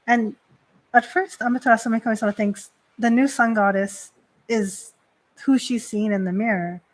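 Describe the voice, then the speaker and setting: A woman's voice: a little high, steady tone, normal speed, rough recording. A woman hosting a live stream as a priestess, speaking in a chatty way with many "like" fillers. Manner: chatty, heavy use of "like" fillers. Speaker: Shinto priestess and host. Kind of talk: casual live-stream talk on religion.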